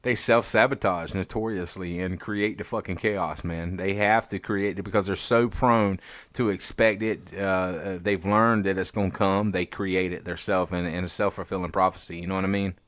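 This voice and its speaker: A man's voice: low voice, steady tone, normal speed, fairly bright tone, dry recording. A man hosting a podcast in casual chat, talking in a profane, rambling, emphatic way. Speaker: podcast host.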